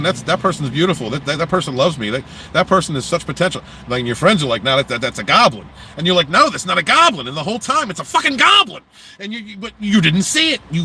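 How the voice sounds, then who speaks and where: A man hosting a casual livestream, talking bluntly and profanely in an animated rant, outdoors near traffic. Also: fairly high pitch, low-quality recording. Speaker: livestream host.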